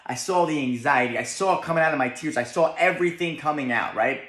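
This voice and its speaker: A young motivational speaker with a New Jersey accent talks fast in a fairly high, fairly bright voice. Emphatic throughout, he repeatedly checks in with "right?", and the recording is echoey.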